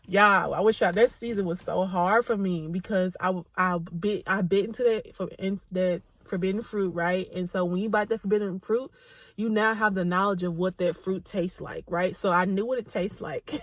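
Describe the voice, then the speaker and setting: A woman's voice: medium pitch, no room sound. Earnest woman sharing a chatty faith testimony. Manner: earnest, chatty, addresses listeners as y'all; laughs often between phrases. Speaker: podcast host. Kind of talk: casual faith talk and personal testimony.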